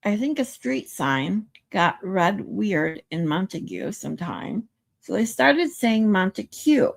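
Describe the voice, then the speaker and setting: Chatty woman streamer, lively and unhurried. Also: medium pitch, gravelly. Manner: chatty, reads viewer comments aloud; playful, tries out pronunciations. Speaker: livestream host. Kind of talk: casual livestream chat.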